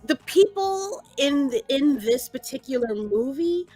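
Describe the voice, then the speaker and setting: Animated woman on a chatty podcast. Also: high voice, a little slow, faint music behind. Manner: animated, laughing, many restarts. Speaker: podcast co-host. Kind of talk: casual chat.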